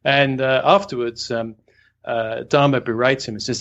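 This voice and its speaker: A man's voice: medium pitch, fairly even intonation, fast talker, fairly bright tone, highs cut off. A man with a mid-range voice, recounting a story in a loose, rambling way. He stops and restarts often and fills the gaps with "um" and "uh.". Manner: rambling storyteller, hesitant fillers, chuckles. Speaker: writing podcast co-host. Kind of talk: casual anecdote.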